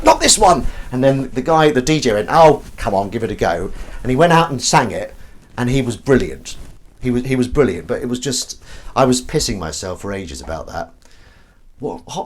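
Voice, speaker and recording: A young man chatting casually and rambling through anecdotes, with fillers and asides, while he washes up. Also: medium pitch. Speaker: host of a washing-up livestream. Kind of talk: casual chat while washing dishes.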